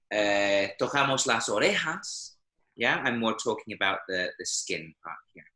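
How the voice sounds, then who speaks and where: Male language teacher, bright tone, checks in with students often. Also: mid-range voice, rough recording. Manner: patient, explains and checks understanding. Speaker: Spanish teacher. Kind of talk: online language lesson. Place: online class, speaking from Medellín. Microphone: video call.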